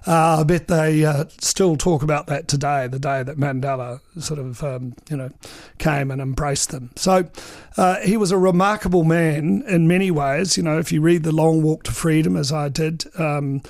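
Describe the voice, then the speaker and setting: Older kiwi guy, gravelly voice, rambling storyteller with lots of ums, pretty dry close sound. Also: a little high, steady tone, moderate pace, a little mellow, dry recording. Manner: chatty, full of ums and uhs, acts out quoted dialogue. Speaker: veteran political journalist. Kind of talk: anecdotal interview storytelling.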